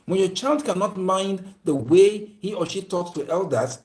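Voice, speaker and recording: A man's voice: sits high, a little slow, a little mellow. A man gives an emphatic, moralizing lecture to his viewers and often repeats his phrases. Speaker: speaker addressing viewers.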